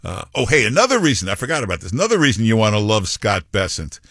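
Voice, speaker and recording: A talk radio host with a very low male voice delivers blunt, scornful commentary full of rambling asides. The sound is dry and close, with no room around it. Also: huge pitch swings, quick pace, a bit bright, no room sound.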